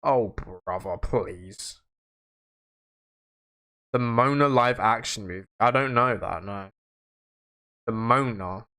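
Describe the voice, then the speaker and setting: Chatting with viewers on a laid-back livestream, this young host rambles in slangy fashion, lurching from loud bursts to quiet muttering. He takes his time and pauses often.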